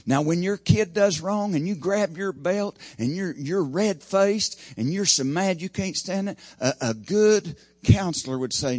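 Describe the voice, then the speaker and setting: A man preaching an evening sermon, his voice swinging from loud emphasis to hushed asides. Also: sits high, measured pace, hardly any pauses, no echo.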